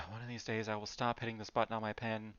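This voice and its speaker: Male streamer, smooth voice, rambling filler-heavy chatter, slightly dull mic. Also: lowish voice, completely flat delivery, quick pace, fairly bright tone, no echo. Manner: chatty, lots of "like" fillers, muttered asides. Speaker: streamer drawing live. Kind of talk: casual rambling stream chat.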